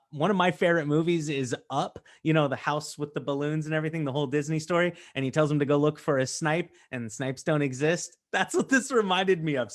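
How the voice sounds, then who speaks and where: Casting: American man, 30s, friendly web-show host, a bit high-voiced, rambling and upbeat. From United States. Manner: chatty and upbeat, with fillers and asides. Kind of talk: casual webinar presentation.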